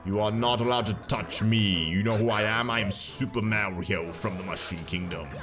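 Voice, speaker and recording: A man's voice: on the low side, normal speed, close to an everyday voice. A man putting on a posh British voice for a cartoonish plumber hero, speaking in a haughty, proper way over game music. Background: video game music.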